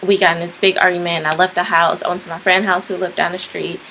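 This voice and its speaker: A young woman talks to her camera in a loose, rambling way, full of "like" and "um". Her voice sits on the low side with a gravelly fry at the ends of phrases. A faint hiss runs under the recording. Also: flat delivery, fast, pushed and bright, low-quality recording. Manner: rambling, frequent "like" and "um" fillers. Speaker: vlogger. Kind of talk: casual personal storytelling.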